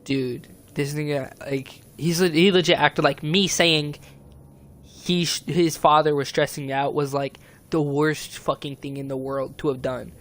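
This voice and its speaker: A man's voice: fairly high pitch, steady tone, measured pace, fairly bright tone. A young man in his teens, rambling and upset as he vents on a stream, swearing a lot. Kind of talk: casual venting monologue.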